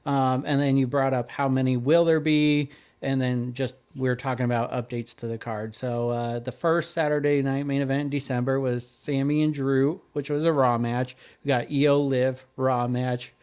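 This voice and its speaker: This man co-hosts a podcast, working hesitantly through follow-up notes and lists with plenty of fillers in a casual exchange. His delivery is flat and clean, mid-range and somewhat dark, at normal speed.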